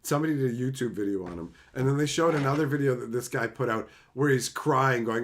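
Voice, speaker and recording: A man from Canada streaming live, reading chat and joking crudely with lots of laughter, sometimes dropping into low, earnest advice. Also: big pitch swings, brisk, fairly bright tone.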